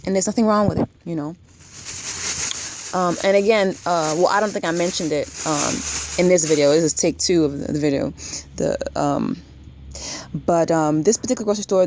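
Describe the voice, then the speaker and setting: A woman's voice: on the low side, darkish tone. A young woman vlogging casually to her camera, emphatic and rambling, with many fillers and restarts.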